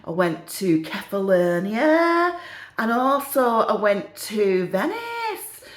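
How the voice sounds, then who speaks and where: A woman's voice: medium pitch, big pitch swings, slow pace, reverberant. A woman voicing a chatty, boastful old lady with a Northern English accent. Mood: gossiping. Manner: gossipy, boastful.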